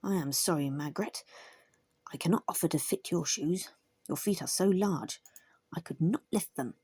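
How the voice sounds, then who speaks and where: A woman voicing a cheerful, chatty male terrier blacksmith in a storybook reading, brisk and merry. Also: on the low side, a little mellow, slightly rough, no echo, studio quality.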